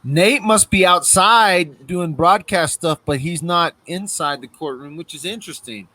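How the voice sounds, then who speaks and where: A man's voice: a little high, a little slow, pushed and bright. A man giving casual, rambling live commentary as the host of a livestream, with a wry, thinking-aloud manner.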